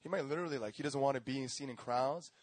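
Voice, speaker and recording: A young pastor delivers a sermon about his own testimony at a quick clip, his voice medium in pitch and the recording dry. He uses slang, acts out voices, and alternates between laughing and shouting with real animation.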